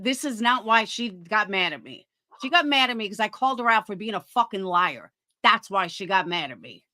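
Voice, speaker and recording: A woman's voice: on the high side, animated, brisk, sharp tone, no echo, clean studio sound. A woman livestreaming, defending herself in an indignant, sarcastic tone while talking to her chat.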